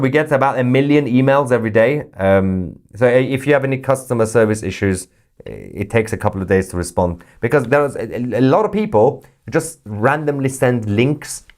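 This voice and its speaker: A man hosting a live news stream, reading chat messages with sarcastic jokes and sudden high-pitched mock voices. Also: a little mellow. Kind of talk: casual live-chat commentary.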